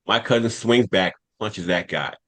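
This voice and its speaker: Man, low voice, casual podcast storytelling, animated, repeating phrases. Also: normal speed. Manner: animated, repeats phrases for emphasis, laughs while telling. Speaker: podcast cast member.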